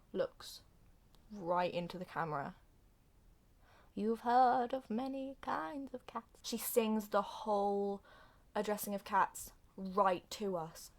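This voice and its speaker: A young woman recapping a film plot for comedy, acting out the characters' lines in an animated way. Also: mid-range voice. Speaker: video reviewer.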